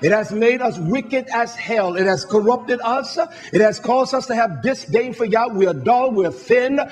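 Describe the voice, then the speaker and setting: A man preaching a sermon, fervent and blunt, swinging from quiet asides to shouted peaks. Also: very high voice, expressive, normal speed.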